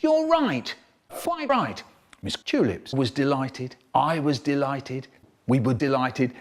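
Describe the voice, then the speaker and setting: A man telling comic childhood stories, acting out the voices of the people in them. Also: a little high. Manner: animated, mimicking other voices. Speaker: storyteller. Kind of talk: comic storytelling, remixed.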